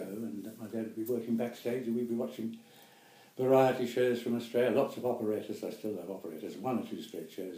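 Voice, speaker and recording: Elderly NZ man, eighties, low-ish voice, rambling chuckling memories, roomy echo. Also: mellow. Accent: New Zealand. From New Zealand. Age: 80s. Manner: rambling, chuckling, self-correcting. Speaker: guest actor. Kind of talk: reminiscing interview.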